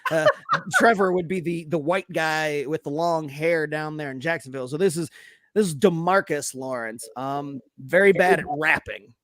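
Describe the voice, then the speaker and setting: A man's voice: a little high, normal speed, fairly bright tone, no room sound. A man co-hosting a casual sports podcast, sarcastically reading his notes aloud and mocking what he watched. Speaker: podcast co-host.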